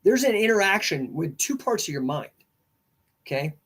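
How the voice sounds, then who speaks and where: A man's voice: sits high, sing-song, moderate pace, fairly bright tone, breathy edge. A middle-aged man hosting a podcast as a coach, rambling casually and acting out both sides of conversations with clients, emphatic in his points. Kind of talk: casual livestream monologue.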